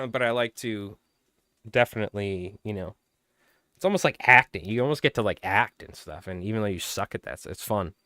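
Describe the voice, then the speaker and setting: A man with a fairly low, very animated voice, bright and forceful, talks at a normal speed in a dry, studio-quality recording. He's hosting a casual fly-tying livestream, rambling loosely and chatting with viewers by name. His voice sounds strained and tired, and he keeps clearing his throat.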